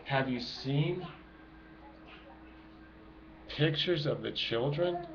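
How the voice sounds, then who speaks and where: A man's voice: fairly high pitch, expressive, very slow, gravelly. A middle-aged man speaking emotionally and urgently to his viewers from home, preaching in an impassioned monologue. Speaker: activist vlogger. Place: home with children nearby. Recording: dull lo-fi home recording with noise.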